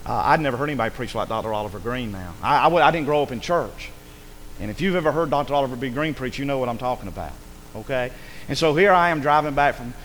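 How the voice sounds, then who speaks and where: A man preaching a sermon, swinging between loud calls and hushed asides. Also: mid-range voice, big-room sound, a little hiss or hum. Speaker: pastor. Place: church sanctuary.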